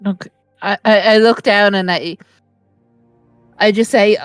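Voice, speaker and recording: A woman's voice: mid-range voice, steady tone, slow pace, long pauses, clear, resonant tone, no echo, faint music behind. A woman playing a tabletop game, hesitant and giggly, often laughing. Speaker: player. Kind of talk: casual tabletop game play.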